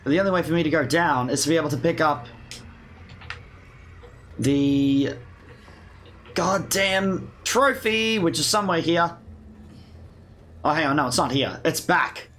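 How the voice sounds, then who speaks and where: A man with a fairly high voice talking his way through a video game, sarcastic and quick to mock himself. Faint noise hums under the recording. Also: fairly bright tone. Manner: sarcastic, self-mocking, swearing. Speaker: let's play gamer. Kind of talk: casual gameplay commentary.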